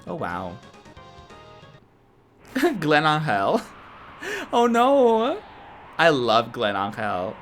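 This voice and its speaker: A woman in her twenties commenting casually on a retro game while streaming, with profane, excitable reactions. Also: low voice, extremely slow, long pauses. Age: 20s. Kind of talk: live gameplay commentary. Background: game music.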